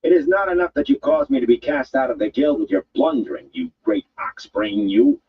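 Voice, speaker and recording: Man doing a scornful outcast woman, high-pitched, cutting, formal odd phrasing, storybook. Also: wildly swooping pitch, fairly quick, gravelly, breathy edge, lo-fi sound, exaggerated voice.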